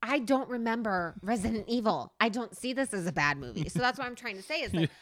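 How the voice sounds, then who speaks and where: Female podcast co-host, excitable and teasing, bright tone. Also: on the high side, fast. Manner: playful, excitable, rambling. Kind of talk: casual movie podcast chat.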